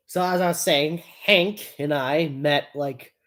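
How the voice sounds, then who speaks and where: Low-voiced woman rambling on a live stream. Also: slow pace. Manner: rambling, giggly, lots of fillers. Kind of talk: casual live stream chat.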